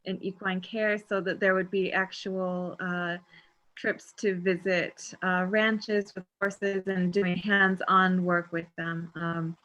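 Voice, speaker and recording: A woman in a casual group chat, speaking in a measured, hesitant way with frequent ums. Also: lowish voice, level tone, sharp tone. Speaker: group participant. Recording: dull lo-fi sound.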